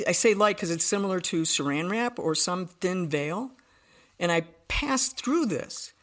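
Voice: mid-range voice, a bit bright. Earnest podcast guest telling a story. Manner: earnest, detailed storytelling with frequent restarts. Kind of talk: telling a personal story in conversation.

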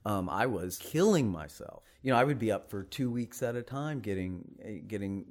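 A man's voice: on the low side, lively intonation, normal speed, darkish tone. A man who is a fashion designer, talking candidly and ramblingly about his early struggles. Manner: candid and rambling, with frequent "you know". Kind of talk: conversational storytelling.

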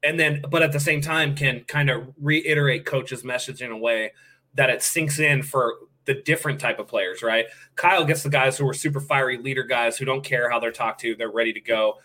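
A man talking football on a podcast in a bright, forward voice. He chats casually and keeps slipping into little acted-out quotes in other voices. His pitch sits in the middle for a man. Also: steady tone, brisk. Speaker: podcast co-host. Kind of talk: casual sports chat.

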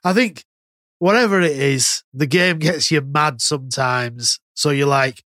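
A man's voice: on the high side, measured pace, fairly bright tone, dry recording, clean studio sound. A man co-hosting a casual podcast chat, rambling and swearing freely. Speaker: podcast co-host.

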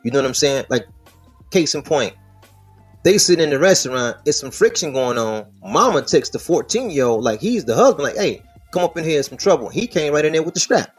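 A man's voice: fairly high pitch, big pitch swings, a little fast, breathy edge, faint music behind. A man hosting a podcast, talking through the news in casual, slangy, profane commentary. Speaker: podcast host.

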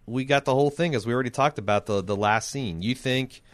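A man hosts a TV recap podcast, chatting casually and rambling with frequent restarts. His voice is medium-pitched and quick, with no echo.

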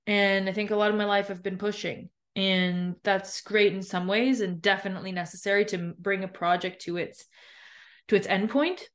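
A woman's voice: medium pitch, fairly even intonation, moderate pace. A woman hosting a podcast, talking candidly and chattily about her own experience, with frequent fillers and restarts. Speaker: podcast host and new author. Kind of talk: candid reflective monologue.

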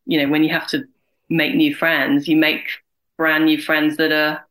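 A woman in her forties, a guest in a candid interview, talking in an animated way and acting out other people's lines. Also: sits low, measured pace, rough recording. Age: 40s. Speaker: guest, carer and writer.

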